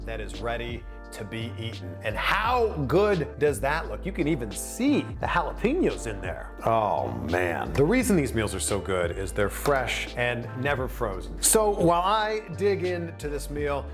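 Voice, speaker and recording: Upbeat canadian guy hosting, reads an ad then chats with his guest, lively bouncy delivery. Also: medium pitch, a little slow, few pauses, over music. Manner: upbeat, enthusiastic. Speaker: podcast host. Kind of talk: ad read and interview questions.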